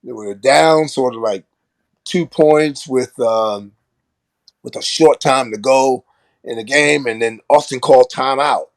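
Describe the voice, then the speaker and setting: An older man from Brooklyn, New York, a former basketball player and coach, telling animated stories in a casual interview and often acting out what people said. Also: medium pitch, a little slow, no room sound. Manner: animated storyteller who acts out quoted lines and laughs often.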